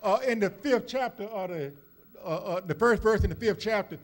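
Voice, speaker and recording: Male minister preaching, high-pitched, folksy storytelling. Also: moderate pace, a little hiss or hum. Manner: preaching with rising call-and-response emphasis; folksy storytelling with many uh fillers. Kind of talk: sermon. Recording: church service recording.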